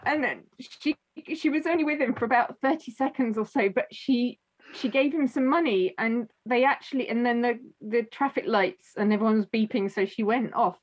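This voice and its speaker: Woman host telling a story, halting. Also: a little high. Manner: halting, many restarts, moved close to tears. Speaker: podcast host. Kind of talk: emotional storytelling in conversation.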